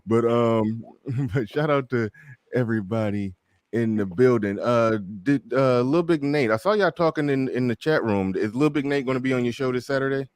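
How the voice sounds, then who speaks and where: A man's voice: medium pitch, moderate pace, clear, resonant tone, dry recording. A man hosting a casual live talk show, joking, cursing and laughing as he chats with his audience. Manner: joking, swearing, laughing at his own stories. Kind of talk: casual livestream chat.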